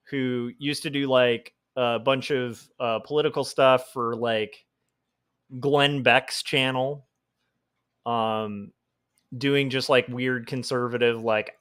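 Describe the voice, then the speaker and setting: A man who is a comic artist, chatting casually on a livestream while he draws, thinking out loud with lots of fillers and restarts. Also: medium pitch. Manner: thinking aloud, rambling with fillers. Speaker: comic artist streaming his work.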